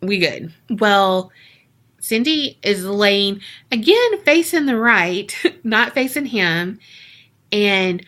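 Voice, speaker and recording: Young female podcast co-host, bright tone, unhurried, foul-mouthed storyteller. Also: medium pitch, lively intonation. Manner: slangy, profane, dramatic retelling. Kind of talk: casual storytelling chat.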